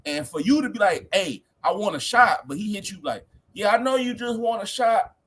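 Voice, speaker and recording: A young man co-hosting a podcast, talking in animated slang and acting out quotes in voices during a heated casual chat. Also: high voice, normal speed, husky. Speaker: podcast co-host.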